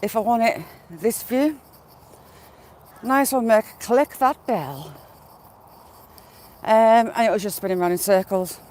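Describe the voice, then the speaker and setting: Her fairly high, slightly mellow voice moves slowly, with frequent pauses, as she live-streams outdoors among fields and hedgerows. Using a phone on a gimbal with a headphone wire, she greets viewers by name and coos at animals while walking.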